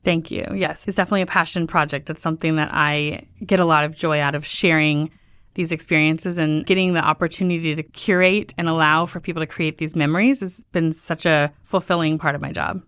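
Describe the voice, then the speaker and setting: A woman's voice: brisk, no echo. A woman talking as a guest in an interview, telling her story in a casual way and acting out the questions people asked her with lifts in her voice. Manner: lively, acts out quoted questions with lifts in pitch. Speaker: guest, travel tour founder.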